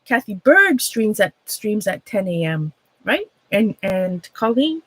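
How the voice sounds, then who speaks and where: A woman's voice: mid-range voice, sing-song, a bit bright, no echo, low-quality recording. A rambling, cheerful woman with a Minnesota accent talks viewers through her craft on a casual livestream. She chats loosely, trails off and restarts her sentences, and laughs often, with a mid-range voice. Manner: chatty, rambling, self-interrupting, quick to laugh. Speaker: art livestream host. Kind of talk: casual livestream chat while demonstrating a craft.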